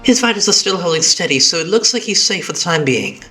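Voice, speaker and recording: A man with a British accent voicing a composed, reassuring woman inventor while reading game dialogue aloud on a live stream, steady and explanatory. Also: high-pitched, fast talker, soft background music, voice pushed up.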